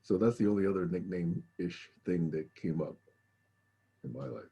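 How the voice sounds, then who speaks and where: A man hosting a study group on a video call, telling stories in a relaxed way with dry humor. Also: deep voice, normal speed, slightly rough, muffled recording. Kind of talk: casual chat.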